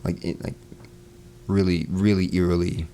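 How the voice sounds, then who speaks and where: Man, very low voice, gravelly, casual storytelling, lots of fillers. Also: normal speed. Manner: relaxed, many fillers, acts out quoted voices. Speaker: podcast guest.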